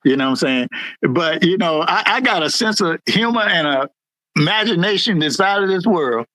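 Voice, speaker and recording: A middle-aged man talks as a guest in a rambling, easygoing way and keeps circling back with "you know". His voice is fairly high, and the recording is close and dry, with no room sound. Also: animated, normal speed, sharp tone, no room sound, rough recording. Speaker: guest, former supervisor. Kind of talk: casual reminiscing interview.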